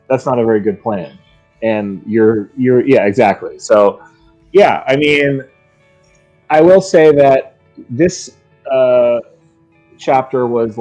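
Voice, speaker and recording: A man co-hosting a book podcast at an ordinary pitch. He thinks out loud, circling back on his words as he weighs the story. Faint music runs in the background. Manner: musing and hesitant, full of restarts. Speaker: podcast co-host. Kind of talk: casual book discussion.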